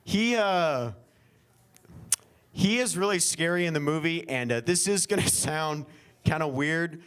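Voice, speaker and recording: A man's voice: on the high side, a little slow, a bit bright, clear, resonant tone. Rambling young male stand-up comic. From Oklahoma. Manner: rambling, filler-heavy, self-deprecating. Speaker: stand-up comedian. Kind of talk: improvised stand-up set. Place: winery comedy show.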